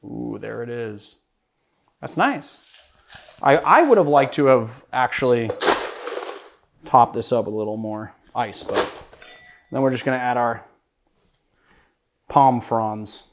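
This cocktail show host is a young Bostonian whose medium-pitched voice is expressive, slow and marked by vocal fry, with frequent pauses. Chatting through a casual tutorial, he jokes at his own expense while he works.

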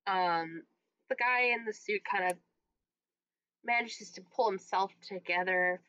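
Woman, game master, relaxed narration, lo-fi mic, dry. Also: medium pitch, unhurried, no echo. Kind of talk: narrating a tabletop horror game.

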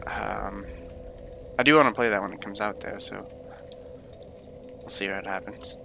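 A man's voice: lowish voice, steady tone, unhurried, vocal fry. A young man casually commenting on his own gameplay as a streamer, laid-back and grumbling with swears at opponents. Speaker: game streamer. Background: game music.

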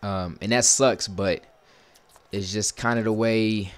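A young man giving casual video game commentary, talking easily to his viewers and breaking into loud, frustrated shouts at the game. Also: on the low side, steady tone, takes it slowly. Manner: chatty, bursts into loud frustrated yelling at the game. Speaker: gaming YouTuber.

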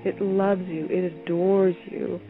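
A woman's voice: fairly low pitch, little pitch movement. Playful woman guiding a meditation. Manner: playful, halting, repeats words. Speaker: radio show host. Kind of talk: guided meditation. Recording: phone-line radio call, faint music.

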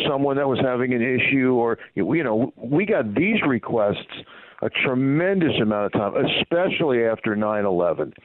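A man recounts stories as a call-in guest, circling back with plenty of "you know" along the way. His middle-pitched voice comes through a thin, narrow phone line with no room sound at all. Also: no room sound. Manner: rambling anecdotes full of "you know" fillers. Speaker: former baseball team PR manager, guest. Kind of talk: phone interview storytelling. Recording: tinny dry phone line.

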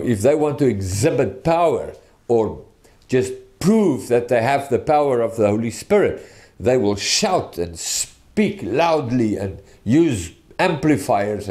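A man preaching a teaching sermon with a mellow, relaxed tone. He speaks earnestly and deliberately, often restarting his phrases as he works through a point. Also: medium pitch.

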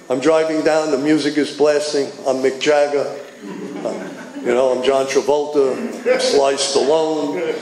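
An older man, telling his personal recovery story at a meeting with animated storytelling, acting out the dialogue. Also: fairly high pitch. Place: meeting hall. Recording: echoey room with faint noise.

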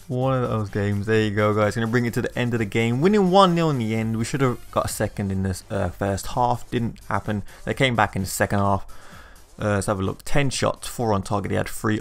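A young man giving excitable live commentary on a football video game, shouting at his players. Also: lowish voice, gravelly. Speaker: gaming YouTuber.

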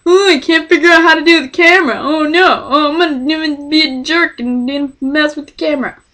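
A woman's voice: sits high, brisk, bright, forceful tone, pitched above the performer's own voice. A woman voicing an easygoing young man who jokes and teases. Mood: teasing.

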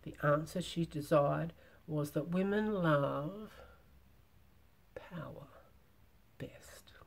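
A woman softly reading an old storybook aloud in a whispered role-play, with gentle whispered asides. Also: sits low, very slow, gravelly. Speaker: storybook reader.

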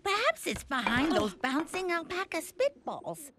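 Casting: a theatrical older great-aunt, plummy and wildly sing-song. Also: female voice, very high voice, very animated, unhurried, over loud music, exaggerated voice. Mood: grand. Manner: plummy, theatrical storytelling, says "dearie". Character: grand, eccentric older great-aunt who runs a shop and loves adventure.

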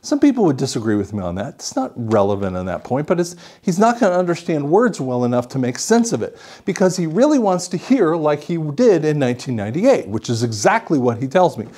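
A male audiologist explaining a patient case as a lively story, acting out what the patient said. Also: a little high, brisk, hardly any pauses. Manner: animated storytelling, acts out the patient's lines.

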